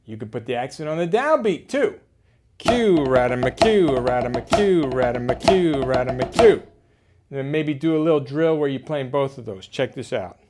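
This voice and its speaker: A man giving an energetic, playful drum lesson, calling out rudiment names between demos. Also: mid-range voice, fairly quick, loud music behind the voice. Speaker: drum educator.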